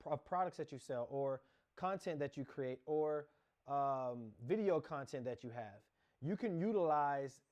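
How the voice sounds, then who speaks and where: A fairly high-voiced man walks through a software lesson while sharing his screen. He rambles casually, narrating each click and correcting himself mid-sentence. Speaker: course instructor. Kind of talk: casual screen-share tutorial.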